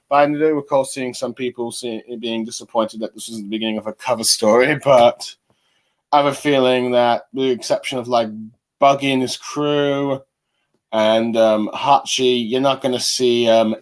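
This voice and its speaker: A man's voice: mid-range voice, fairly even intonation. Rambling male host reviewing comics. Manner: rambling, halting with many fillers. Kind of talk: casual comic chapter review.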